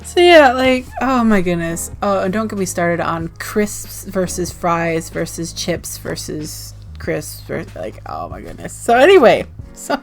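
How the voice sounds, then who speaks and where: A woman's voice: fairly low pitch, expressive, a little slow, few pauses, soft background music. An American woman chatting casually in a vlog, rambling and laughing often as she goes. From United States. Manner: rambling and giggly. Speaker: zine vlogger.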